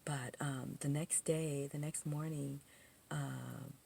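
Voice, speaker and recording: Gravelly woman telling a rambling story. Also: deep voice, takes it slowly, a little hiss or hum. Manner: rambling, full of "you know" asides and restarts; indignant, animated retelling. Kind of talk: casual personal storytelling.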